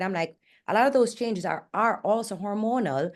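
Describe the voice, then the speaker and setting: Speaking at medium pitch and a moderate pace, this Jamaican host and fitness coach in her forties gives an honest motivational talk, earnest and plainspoken to the point of bluntness.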